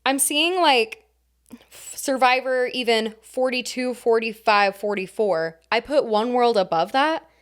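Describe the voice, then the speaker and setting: A woman's voice: on the high side, a little slow. A woman co-hosting a podcast, chatting casually with playful reactions and self-mocking asides. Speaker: podcast co-host. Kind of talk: casual chat.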